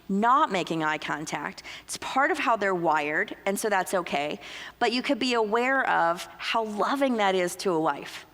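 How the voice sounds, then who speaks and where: A woman speaking at a couples conference in a church hall, lively and acting out little quoted exchanges as she teaches. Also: mid-range voice. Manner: lively, uses acted-out quotes. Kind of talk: conference talk. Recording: long reverb of a large hall.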